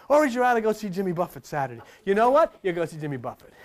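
An older man gives a rambling, folksy sermon to a live room. His voice rises and falls widely as he jokes and teases the congregation. He swings from loud asides to low murmurs. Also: sing-song, very fast. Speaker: preacher.

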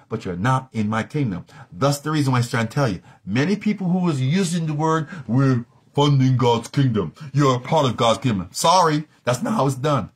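A man's voice: mid-range voice, slightly rough. A middle-aged man teaching a live-streamed Bible study in an emphatic, repetitive, preacherly manner.

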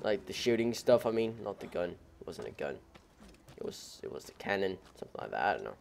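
A man's voice: deep voice, big pitch swings, a little fast, gravelly, slight background noise. Joking young man chattering over a game. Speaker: gameplay commentator. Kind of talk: casual let's play commentary.

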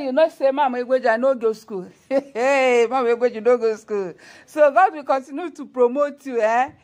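A woman with a Nigerian accent, giving earnest, preachy commentary to the camera as a vlogger, often adding "you know" and "eh?". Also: a little high.

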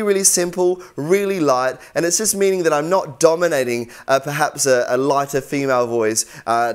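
A young man teaching singing in an easygoing, encouraging way. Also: on the high side. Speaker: vocal coach. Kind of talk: instructional tutorial.

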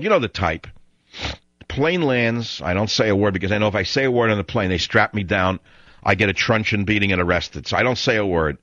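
A man's voice: fairly low pitch, expressive, fairly quick, fairly bright tone, no echo. Ranting male radio host, dull dry sound. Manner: ranting, sarcastic, digressive. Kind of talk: opinionated radio monologue.

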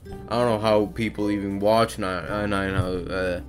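A man's voice: on the low side, steady tone, moderate pace, over music. A man giving casual gameplay commentary, tired and grumbling, swearing often as he talks to himself. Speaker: gaming YouTuber.

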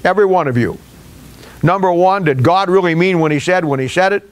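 A man's voice: high-pitched, fairly quick, smooth. Folksy preaching pastor, man. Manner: folksy, conversational preaching with hesitations. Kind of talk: sermon.

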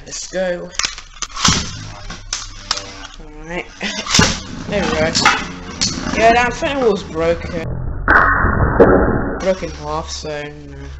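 A young man with a British accent, casually commentating on toy battles in a rambling, excitable way, laughing often, at home. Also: sits high, very noisy. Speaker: Beyblade channel host. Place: home room, family upstairs.

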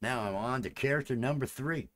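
A man's voice: medium pitch, brisk, a bit bright. A man chatting casually with viewers during a live stream. He rambles and repeats his phrases as he works, and he.

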